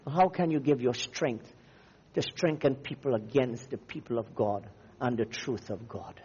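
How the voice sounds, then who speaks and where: A man's voice: medium pitch, unhurried, mellow, long reverb tail, dull audio, slight background noise. A man from Namibia preaching a fiery, declamatory sermon as a visiting preacher. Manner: fiery, declamatory, rising and falling.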